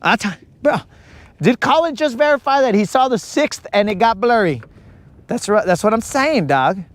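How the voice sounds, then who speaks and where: An extremely high-pitched, expressive man speaks at a moderate pace while hosting a live fishing stream from a boat outdoors. He rambles and jokes in slang, saying "bro" a lot, in casual live-stream banter.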